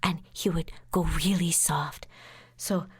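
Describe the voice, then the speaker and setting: A woman who is a lawyer and podcast host, telling an anecdote in a lively way, acting out quotes and laughing along. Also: deep voice, slow, husky. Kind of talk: anecdotal storytelling.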